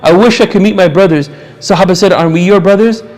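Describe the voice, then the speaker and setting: Man, high-pitched voice, fervent religious lecturer, repeats phrases for emphasis. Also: fast talker, a little mellow.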